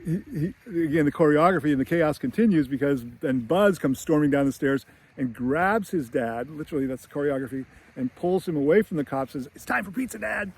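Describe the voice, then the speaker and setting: A screenwriting commentator with a high-leaning, slightly mellow voice retells a film scene fairly quickly. He keeps it casual and chatty, laughing often and using lots of fillers.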